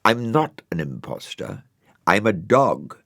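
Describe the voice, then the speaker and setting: A man's voice: fairly low pitch, sing-song, takes it slowly, creaky, a bit bright, pitched above the performer's own voice, full character voice. A man voicing a vain, fussy male dog with a pompous, huffy manner in a storybook reading. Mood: indignant.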